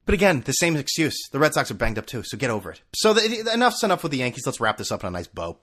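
A husky-voiced man rants about sports on his podcast, sarcastic and swearing freely. His pitch swings up and down as he gets worked up. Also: big pitch swings, rapid-fire, a bit bright. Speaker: podcast host.

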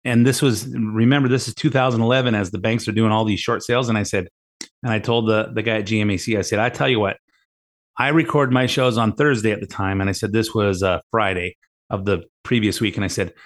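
A man's voice: lowish voice, fairly even intonation, fairly quick. A middle-aged man hosting a talk radio show, rambling in a casual monologue, often repeating words and retelling conversations with emphasis. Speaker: radio show host and mortgage lender.

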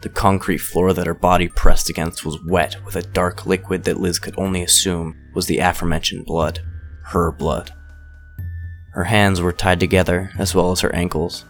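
Male narrator, very deep voice, audiobook reading, steady storytelling. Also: moderate pace, soft background music.

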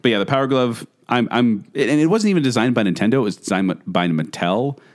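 A middle-aged man co-hosting a podcast, chatting casually and telling stories in a rambling, animated way. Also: medium pitch. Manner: animated storyteller, rapid and rambling with restarts. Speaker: podcast co-host. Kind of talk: casual chat.

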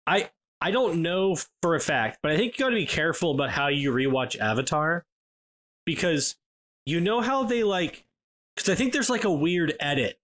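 Fairly high and fairly bright, this podcast co-host's voice has lively intonation and a moderate pace. He rambles through casual chat, often restarting and leaning on fillers.

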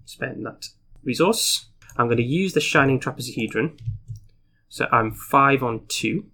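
This solo board game player works through a card game, casually narrating his moves and reading the story text out loud. He has an expressive, mid-range voice that is gravelly, bright, and forceful, and he speaks a little slowly.

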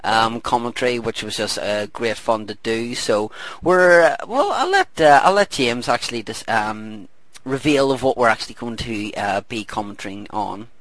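A man's voice: medium pitch, expressive, moderate pace, fairly bright tone, dry recording, rough recording. A man hosting a podcast commentary, chatting casually, rambling with fillers and laughter. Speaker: podcast host.

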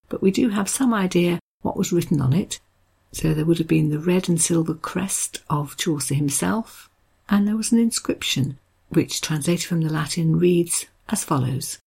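A podcast host walks listeners through history with chatty storytelling and the odd wry aside. The voice has a gravelly texture. It sounds a touch husky, and the pitch sits in the middle range. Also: a little mellow. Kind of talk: informal history talk.

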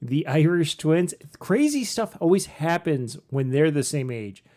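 A man's voice: on the high side, very animated, unhurried, dark tone. A man co-hosting a casual podcast, talking in rambling, jokey asides. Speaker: podcast co-host. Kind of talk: casual chat.

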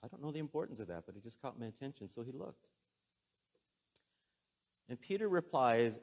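A man's voice: medium pitch, big pitch swings, a little fast, pauses often, darkish tone, breathy edge. Earnest man preaching a conversational sermon. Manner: earnest, emotional, storytelling.

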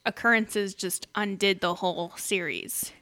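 A woman's voice: medium pitch, fairly even intonation, unhurried, pushed and bright. A young woman co-hosting a casual chat recap of a TV episode, laughing often as she talks. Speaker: podcast co-host.

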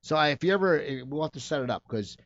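Fast-talking male interviewer. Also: a little high, expressive, a bit bright, no room sound, dull audio. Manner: rambling, restarts sentences, talks fast. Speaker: interview host. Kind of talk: interview chat.

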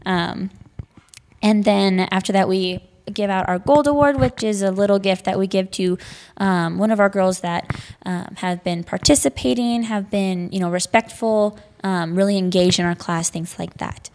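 A woman's voice: medium pitch, normal speed, darkish tone. A young woman teaching a girls' Sunday school class, chatting casually on a podcast in a rambling way, with plenty of fillers.

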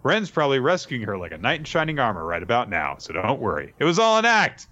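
A man's voice: medium pitch, wildly swooping pitch, fast, pushed and bright, pitched above the performer's own voice. A man doing a teasing prankster goddess. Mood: breezy. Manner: breezy and teasing. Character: scheming female god, playful prankster. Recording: dull lo-fi sound.

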